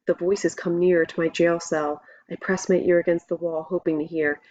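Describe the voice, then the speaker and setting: A woman narrating a novel in the first person, in a steady, measured reading voice. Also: fairly low pitch. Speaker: audiobook narrator. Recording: dull lo-fi recording.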